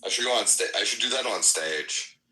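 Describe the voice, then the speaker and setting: A man's voice: fairly low pitch, a little fast, sharp tone, low-quality recording. A young American man in loose casual podcast chat, laughing often and swearing freely.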